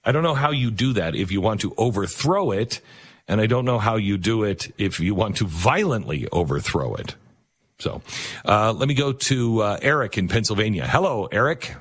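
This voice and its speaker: Radio talk host guy, lowish voice, thinking out loud with lots of ums. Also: animated, slightly rough. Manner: measured, thinking aloud with fillers.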